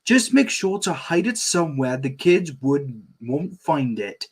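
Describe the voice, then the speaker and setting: A man doing a gentle cartoon mother dog. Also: on the high side, big pitch swings, a little slow, slightly rough, pitched above the performer's own voice, exaggerated voice. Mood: stern.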